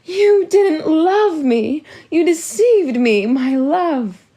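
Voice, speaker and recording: A woman's voice: medium pitch, animated, a little slow, darkish tone. A woman reading an audiobook, voicing a fretful new stepmother with a pouty, whiny manner. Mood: wailing. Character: bumbling, fretful new stepmother who pouts and wails.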